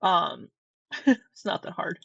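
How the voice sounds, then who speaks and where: A woman's voice: on the low side, animated, slow pace, gravelly, pushed and bright, lo-fi sound, a little hiss or hum. A woman giving blunt, sarcastic reaction commentary on a video, cursing freely.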